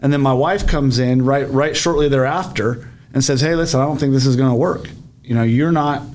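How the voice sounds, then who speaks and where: A man co-hosting a podcast, telling a story in an animated, profane way in casual chat. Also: medium pitch, brisk, slight background noise. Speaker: podcast co-host.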